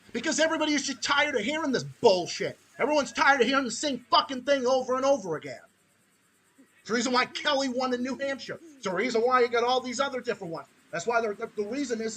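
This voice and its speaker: Bright-voiced man in an angry rant. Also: extremely high pitch, slight background noise, low-quality recording. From Massachusetts, USA. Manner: angry, profane ranting with mocking voices. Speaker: podcast host. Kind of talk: political rant.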